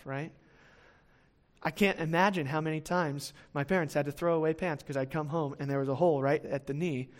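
A man preaching a sermon in a conversational way, checking in with his listeners and repeating words as he goes. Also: on the high side.

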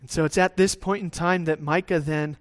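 Man, pastor, sermon, fairly high voice, chatty preaching, acts out lines. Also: steady tone, normal speed. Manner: tag questions, some restarts.

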